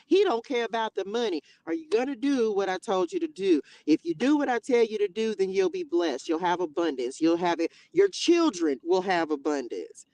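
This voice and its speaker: A woman's voice: medium pitch, expressive, moderate pace, hardly any pauses, mellow, no room sound, poor audio. A woman hosting a casual Bible study livestream, talking emotionally and straight to her viewers. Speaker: livestream host.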